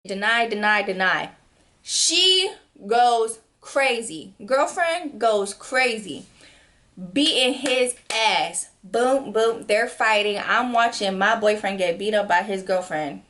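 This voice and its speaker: A woman in her twenties telling a storytime vlog, animated and acting out quotes with sudden jumps in pitch. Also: slow pace. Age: 20s. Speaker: vlogger. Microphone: camera mic.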